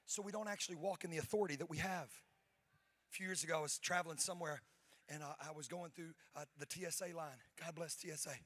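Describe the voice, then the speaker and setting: Man, pastor, high voice, sermon, dynamic preaching, quiet asides to shouting. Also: fast. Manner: humorous storytelling with acted-out voices. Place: church sanctuary before a congregation.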